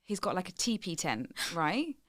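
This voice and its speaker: A woman's voice: fairly low pitch, sing-song, normal speed, no echo, clean studio sound. A woman co-hosting a casual podcast, telling a playful story in a chatty way. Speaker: podcast co-host. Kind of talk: casual chat.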